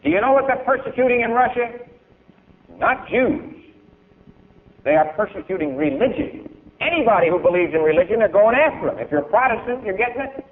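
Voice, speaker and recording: A man's voice: high-pitched, lively intonation, a little fast. A man giving an emphatic, declaiming public speech and then taking questions from an audience. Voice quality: emphatic, oratorical, declaiming with big swings in loudness. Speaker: speaker at a university event. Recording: tinny, lo-fi archival tape.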